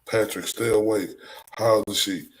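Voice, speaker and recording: A man's voice: lowish voice, steady tone, normal speed, slight background noise, low-quality recording. Emotional Texan man reading a transcript. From Dallas, Texas. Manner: emotional, exclaiming in disbelief. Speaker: live-stream commentator. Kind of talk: reading a transcript aloud with reactions.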